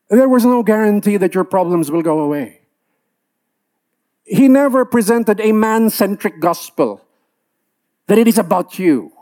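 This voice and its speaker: A man's voice: high-pitched, mellow. A man preaching a sermon in a church. He talks earnestly and acts out the complaints of believers.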